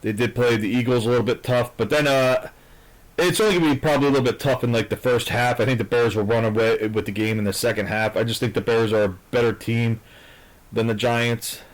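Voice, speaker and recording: A man's voice: medium pitch, steady tone, a little fast, poor audio. Rambling, blunt man giving football picks. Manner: hesitant, with many fillers and restarts; blunt and profane. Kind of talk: casual rambling sports predictions.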